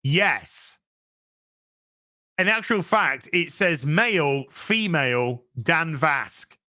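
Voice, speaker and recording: A man hosting a livestream, reading out superchats in an animated, sweary way with quick asides. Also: fairly high pitch. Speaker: streamer host.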